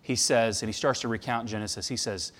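A man's voice: medium pitch, steady tone, fairly quick, fairly bright tone. Man preaching in a reverberant hall. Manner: conversational storytelling with emphatic passages. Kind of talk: sermon. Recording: long reverb of a large hall.

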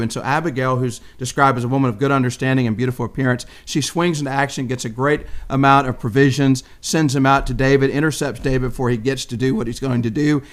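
A man's voice: mid-range voice, quick pace, few pauses. A man teaching on a Bible passage in casual conversation, telling the story with animation and acting out what people said. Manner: animated storytelling, acts out quoted speech.

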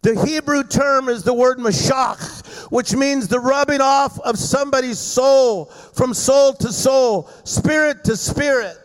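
A man's voice: extremely high pitch, a little slow, hardly any pauses, clean tone. A middle-aged man preaching a fervent sermon at a church service, rousing the congregation with call-and-response. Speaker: guest preacher. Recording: echoey hall reverb.

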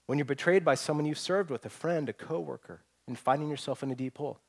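A man's voice: medium pitch, fast, hardly any pauses. Earnest man preaching a sermon. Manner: earnest, animated preaching with frequent restarts. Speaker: pastor.

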